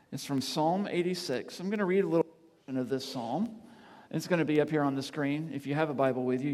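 A man preaching, earnest, reading scripture aloud and swinging from emphatic peaks to soft, quiet tones. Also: fairly high pitch. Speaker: campus ministry speaker. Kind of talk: sermon. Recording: long reverb of a large hall.

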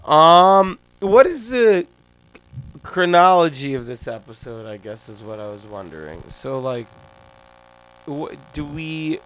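A man's voice: a little high, very animated, slow, a bit bright, clean tone. A man co-hosting a podcast in casual chat, rambling and laughing often. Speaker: podcast co-host.

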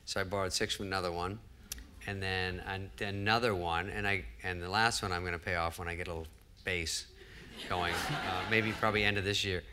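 A man's voice: low-pitched, steady tone, fairly quick, pushed and bright, a little hiss or hum. A man in his fifties, a comedian telling wry, self-deprecating stories on stage before a live audience. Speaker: comedian guest. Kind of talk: storytelling on stage. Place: live audience event hall.

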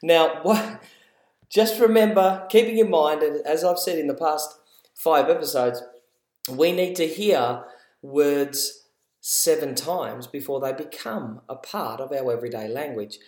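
A man's voice: on the high side, unhurried, darkish tone. A man with an Australian accent hosting a casual educational podcast, chatty and encouraging, laughing at himself. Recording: roomy echo.

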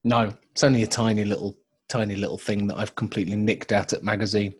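A man's voice: lowish voice, little pitch movement, fast talker, breathy edge. A man co-hosting a podcast, chatting casually and rambling through jokes and restarts. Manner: rambling, joking, with many restarts. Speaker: podcast co-host. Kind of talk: casual chat.

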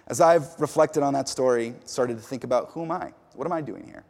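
A man who is a pastor, preaching a sermon in a relaxed, conversational way and telling stories with casual fillers and repeated words. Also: medium pitch, normal speed. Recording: long hall reverb.

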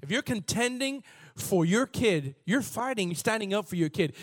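A man's voice: sits high, big pitch swings, a little slow. A man preaching a sermon, reading scripture aloud and calling on the congregation to respond, with bursts of emphasis. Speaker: pastor.

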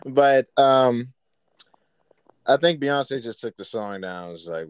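A man's voice: fairly low pitch, normal speed, smooth, no echo. A man in casual podcast chat, laid-back and laughing, who reads out a statement and comments on it. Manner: laid-back, laughing, calls people "bro".

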